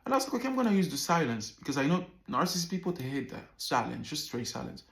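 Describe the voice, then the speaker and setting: A man in his thirties telling a personal story to camera in a casual, animated way, often repeating words and swearing freely. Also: a little high, fast talker, vocal fry, reverberant. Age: 30s. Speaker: vlogger.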